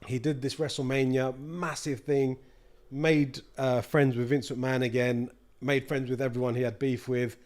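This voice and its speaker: London guy, podcast guest, chatty slangy storyteller, mid-pitched voice. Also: little pitch movement, moderate pace, few pauses, darkish tone. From East London. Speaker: guest, snack brand co-founder. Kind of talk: casual storytelling.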